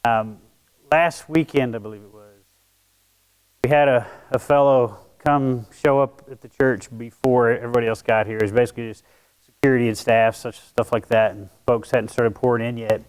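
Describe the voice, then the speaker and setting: A man's voice: mid-range voice, steady tone, normal speed, smooth, rough recording. A man, preaching a sermon as a pastor and telling a personal story in a conversational, self-deprecating way.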